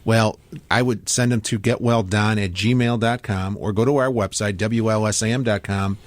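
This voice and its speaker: Male talk radio host, low voice, dry studio sound, loose chatty delivery. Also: steady tone, moderate pace, no room sound. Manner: conversational, hesitant restarts. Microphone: studio microphone.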